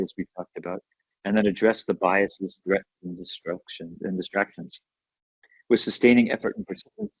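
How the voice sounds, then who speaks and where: A man's voice: on the low side, gravelly, darkish tone, breathy edge, no room sound, muffled recording. A man giving an educational webinar talk in an enthusiastic, conversational way, often checking in with "right?". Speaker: webinar presenter.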